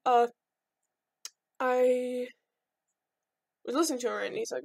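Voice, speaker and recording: A young woman tells myths in a loose, irreverent vlog ramble. Her voice sits high and bright. The sound is close and dry, with no room around it. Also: fast, creaky, pauses often, dry recording. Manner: rambling, irreverent, jokey asides. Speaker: vlogger. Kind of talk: casual storytelling.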